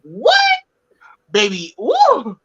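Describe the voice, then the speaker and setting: Giggly man with a lively swooping voice. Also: very high-pitched, drawn-out words, breathy edge, muffled recording. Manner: playful and giggly, acting out scenes. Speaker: podcast co-host. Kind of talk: casual podcast chat.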